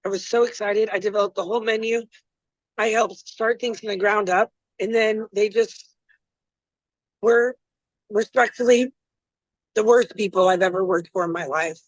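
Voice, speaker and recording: A woman's voice: medium pitch, dry recording, rough recording. Chatty rambling woman chef, dry sound. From Florida, US. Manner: chatty, rambling, self-deprecating. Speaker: chef and guest. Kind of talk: casual interview chat.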